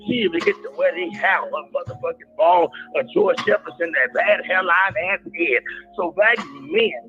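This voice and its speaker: A man's voice: sits high, phone-quality sound. A man playing a crude rambling deacon. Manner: crude, rambling, preacher cadence. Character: crude preaching male deacon, brash and rambling. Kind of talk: comedic sermon rant.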